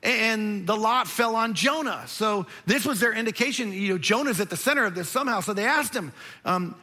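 A man's voice: sits high, expressive, a little fast, pushed and bright. A male pastor preaching a sermon in a conversational, emphatic way with frequent restarts.

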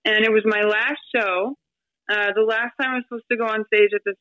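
A woman in her thirties, a podcast guest, telling her story in a chatty, animated way with lots of fillers and quoted asides. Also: a little high, fairly quick, dry recording, dull audio. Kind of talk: casual storytelling interview.

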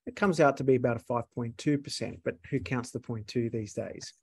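Male accountant guest, mid-pitched voice, dry close sound, methodical explainer. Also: a little fast, creaky, husky, dry recording. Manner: explains step by step with worked examples. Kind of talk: explanatory interview talk.

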